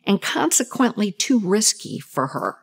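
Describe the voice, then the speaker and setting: A woman's voice: mid-range voice, very animated, husky. A woman communication expert giving an explanatory talk, using short role-play examples to show intonation. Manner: measured, deliberate delivery. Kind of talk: explanatory talk on gendered speech patterns.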